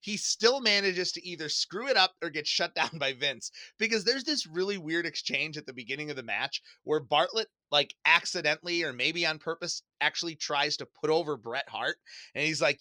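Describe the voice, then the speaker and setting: A man co-hosting a casual podcast, his voice bright and a touch high. He tells stories with animation and laughs often, recorded dry and close. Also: big pitch swings, moderate pace, no echo. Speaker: podcast co-host. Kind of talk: casual chat.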